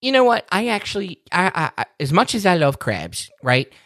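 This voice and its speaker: A man's voice: high voice, moderate pace, dry recording, clean studio sound. A man from Maryland with a Baltimore accent, co-hosting a casual chat and getting worked up as he jokes. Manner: animated, gets worked up, joking. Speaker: podcast co-host.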